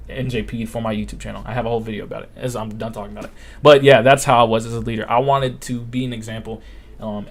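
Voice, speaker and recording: A man's voice: mid-range voice, a little hiss or hum. A young man in his twenties hosting a casual live-stream Q&A, telling blunt, profane stories and acting out what others said. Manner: blunt, profane storytelling, acts out quotes. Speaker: live stream host answering questions.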